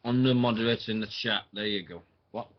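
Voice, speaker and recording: A man's voice: fairly low pitch, quick pace, lo-fi sound, slight background noise. A man hosting a casual online radio show, rambling and thinking aloud with plenty of fillers.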